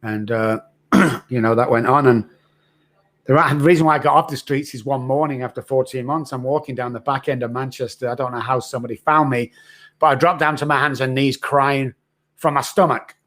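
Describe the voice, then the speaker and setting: His medium-pitched, slightly bright voice holds a steady tone and runs a little fast. This middle-aged recovery expert, a podcast guest, candidly tells his own hard story in an earnest, raw, frank manner.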